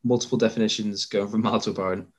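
A man's voice: on the low side, steady tone, fast talker. A man in casual podcast chat, reading out definitions and facts he looked up. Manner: reads out looked-up definitions and facts, laughs along. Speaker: podcast co-host.

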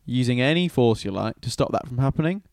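A man's voice: mid-range voice, expressive, quick pace, vocal fry, darkish tone, no room sound, studio quality. A man doing a blunt swearing king. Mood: brusque. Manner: offhand, swearing, modern slang. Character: blunt casual ancient male king.

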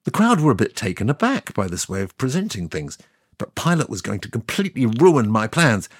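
An actor playing God as a sardonic narrator, telling the story in a scripted comic style with offhand asides. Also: male voice, mid-range voice, big pitch swings, brisk, husky, no echo, clean studio sound. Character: God as a sardonic, boastful narrator, ageless man.

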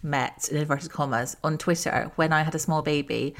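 Host, woman, 40s; chatty, anecdotal, lowish voice. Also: fairly even intonation, normal speed. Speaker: interviewer host. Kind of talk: conversational interview.

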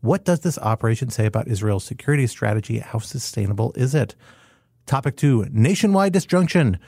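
Man, podcast host, gravelly, dry close sound, playful banter. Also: mid-range voice, lively intonation, a little fast, darkish tone, no echo. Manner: jokey, playful wordplay, laughs often. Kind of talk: casual podcast banter and topic intros. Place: studio.

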